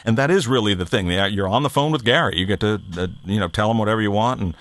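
A man's voice: lowish voice, quick pace, a bit bright, dry recording. A man hosting a podcast, chatting casually and reading out announcements in a rambling, self-deprecating way. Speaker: podcast host.

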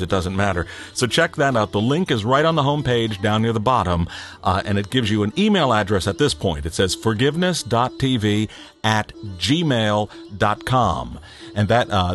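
A man hosting a podcast, chatting casually and reading out announcements in a rambling, self-deprecating way. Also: fairly low pitch. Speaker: podcast host.

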